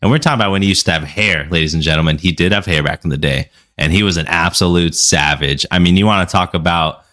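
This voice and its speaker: A man's voice: sits low, quick pace, hardly any pauses, a bit bright. A man co-hosting a fan awards show, talking up favourites with emphatic enthusiasm. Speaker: podcast co-host. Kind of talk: casual chat.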